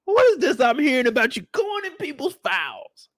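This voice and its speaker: A man voicing an angry male police captain who shouts and curses. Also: medium pitch, fairly even intonation, very fast, no room sound, clean studio sound, lightly acted. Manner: shouting, cursing, barking orders. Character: furious male police captain, loud and bossy.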